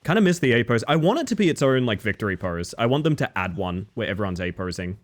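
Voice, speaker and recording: A man's voice: fairly low pitch, big pitch swings, fast talker. A man live-streaming a game, chatting casually and dryly to his viewers with self-mocking asides. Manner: dry, self-mocking, talks to chat.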